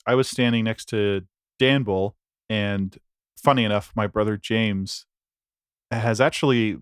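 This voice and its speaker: A man's voice: on the low side, clear, resonant tone, no room sound, studio quality. A young man co-hosting a podcast, telling stories in a rambling, laughing, casual chat. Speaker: podcast co-host.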